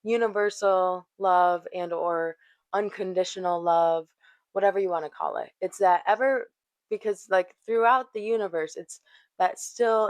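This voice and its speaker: A woman's voice: fairly low pitch, no echo. A woman hosting a yoga talk, chatty and loose, cursing and laughing as she tells a story. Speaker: yoga teacher and podcast host. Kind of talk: casual spiritual talk.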